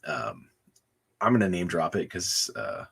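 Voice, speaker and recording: A man's voice: low voice, lively intonation, measured pace, vocal fry, a bit bright, breathy edge. A man on a livestream, telling his life story casually, chuckling often and rambling with fillers. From Canada. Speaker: livestream host.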